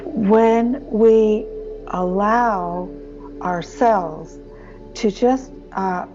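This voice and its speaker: A woman hosting a casual spiritual conversation, speaking slowly and acting out inner voices as she explains. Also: mid-range voice, lo-fi sound, music in the background. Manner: slow, expressive, acts out inner voices. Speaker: spiritual channeler and host.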